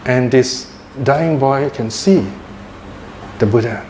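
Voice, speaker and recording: A man and Buddhist teacher telling a religious story in a talk, with lively chuckling asides. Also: medium pitch, slow pace. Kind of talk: sermon-style storytelling talk. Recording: echoey room with faint noise.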